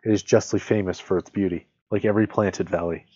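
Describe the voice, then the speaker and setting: A man reading a nonfiction essay aloud in a steady, measured way, now and then correcting a slip. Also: low-pitched, slightly rough. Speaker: reader of literature. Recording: dull lo-fi, dry close sound.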